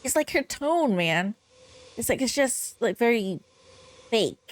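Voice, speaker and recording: A woman's voice: on the high side, big pitch swings, measured pace. A young woman giving casual gaming commentary, rambling and exasperated, full of "like" fillers as she picks apart a game's voice acting. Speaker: game streamer.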